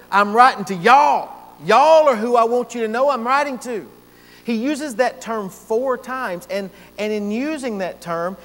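A man preaching a sermon as pastor, earnest and emphatic, repeating phrases for stress. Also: sits high. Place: church sanctuary. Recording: long church reverb, faint hum.

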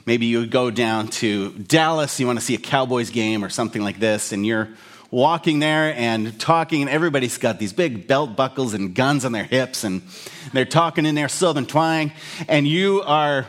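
Male pastor, mid-pitched, chatty explanatory sermon with jokes. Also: moderate pace, fairly bright tone. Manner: conversational, explanatory, with humorous asides.

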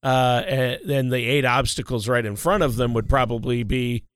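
A man's voice: medium pitch, moderate pace, clear, resonant tone, no echo, clean studio sound. A man who reads the show's opening announcement and then chats and jokes as co-host. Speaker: radio show co-host and announcer. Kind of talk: scripted announcement and casual chat.

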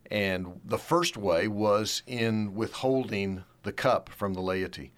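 Measured man explaining theology. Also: lowish voice. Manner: measured, explanatory, slows to stress key words. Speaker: theology discussion guest. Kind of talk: theological discussion, reading quotes.

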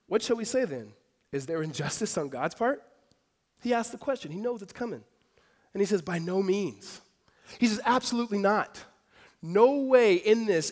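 Man, pastor preaching, fairly high voice, animated, hushed then emphatic, church hall. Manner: animated storytelling, swings between hushed and emphatic. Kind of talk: sermon. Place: church hall before a congregation.

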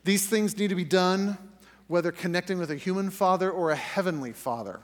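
A man's voice: high voice, a little fast. A middle-aged man teaching a sermon to a group in a conversational way, acting out prayers and correcting himself as he goes. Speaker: pastor. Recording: reverberant hall recording.

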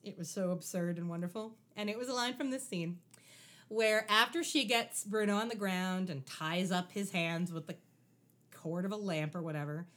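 A woman's voice: fairly low pitch, moderate pace. A young adult woman in a casual chat, wryly recapping a TV episode and acting out lines from it. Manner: animated, wry, acts out lines from the show. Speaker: podcast co-host.

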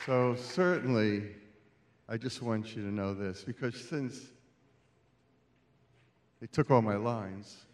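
A man preaching as a guest speaker at a church celebration, moving from quiet storytelling to loud calls to the congregation. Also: on the low side, takes it slowly, long pauses, some chatter behind, a little hiss or hum. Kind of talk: sermon.

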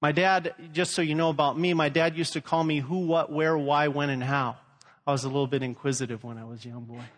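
A man's voice: on the high side, fairly even intonation, brisk, long reverb tail. A man from Louisiana preaching a sermon and telling stories, acting out the voices he quotes. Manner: storytelling, acts out quoted voices. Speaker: pastor.

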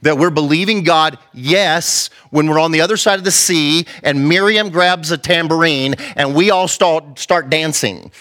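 A man's voice: on the high side, normal speed, hardly any pauses, fairly bright tone. A male pastor preaching an impassioned, conversational sermon and acting out the quotes he tells.

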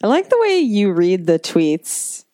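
A woman co-hosting a casual podcast who talks excitably, swears freely and laughs often. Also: medium pitch, unhurried, no echo, studio quality. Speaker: podcast co-host. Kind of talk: casual chat.

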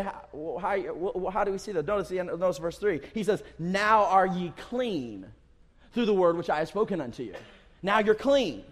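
A man's voice: sits high, lively intonation, normal speed, fairly bright tone. A man preaching a sermon in a church, emphatic and repetitive, stressing his points again and again. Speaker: pastor. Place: church sanctuary. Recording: long church reverb.

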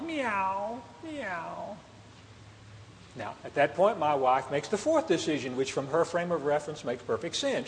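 High-voiced preacher telling a story. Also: male voice, slight background noise. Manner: animated storyteller, acts out meows and shouts. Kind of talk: storytelling sermon. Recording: hall reverb with faint ambience.

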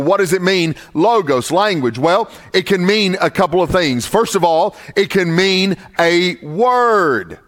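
High-voiced man preaching a sermon. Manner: emphatic, rising to forceful stress on key words; slow, deliberate scripture reading. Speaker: pastor.

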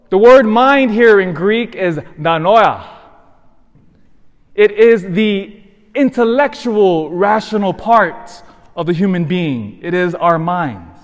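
A man's voice: high voice, expressive, takes it slowly, in a large hall. A man, a Catholic priest, giving a sermon and telling a personal story, acting out both sides of a conversation.

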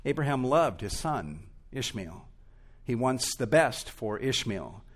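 A man's voice: medium pitch, big pitch swings, slow. A male pastor preaching an expository sermon in a church, earnest and emphatic, rising and falling in intensity.

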